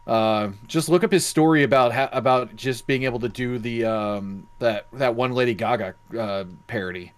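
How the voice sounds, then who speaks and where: A man's voice: mid-range voice, normal speed, hardly any pauses, clear, resonant tone. A man co-hosting a casual online panel chat, rambling with frequent restarts and fillers. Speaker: podcast co-host.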